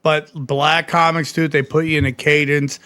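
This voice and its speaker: A male podcast host with a bright, forceful voice asks loose, rambling questions and restarts his sentences often. It is casual, unscripted talk. The sound is dry and close to the mic. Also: on the high side, level tone, moderate pace, smooth, dry recording.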